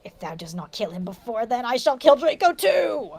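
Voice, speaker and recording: A woman with a bright, high voice reads a story aloud for a home stream, throwing herself into overblown dramatic voices. She breaks in with laughing asides between lines. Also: big pitch swings, normal speed, vocal fry, no room sound. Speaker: stream co-host reading aloud. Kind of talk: dramatic comedic reading of a fanfic.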